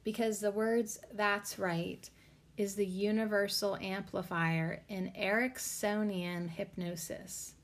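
A woman talks slowly and loosely, as if thinking aloud, with her pitch sitting in a middle range. She rambles through card readings and spiritual ideas, leaning on filler words. She sounds worn out and low on energy. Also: fairly even intonation. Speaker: podcast host reading cards. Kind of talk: casual rambling chat.

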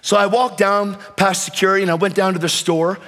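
Fervent high-voiced preacher in a reverberant hall. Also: male voice, little pitch movement, brisk. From United States. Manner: fervent, swings from shouting to hushed storytelling. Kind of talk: sermon.

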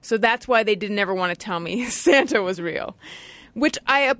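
A woman hosting a casual podcast chat, chatty and quick to ask the others questions. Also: mid-range voice, lively intonation, a bit bright, no echo. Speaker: podcast host.

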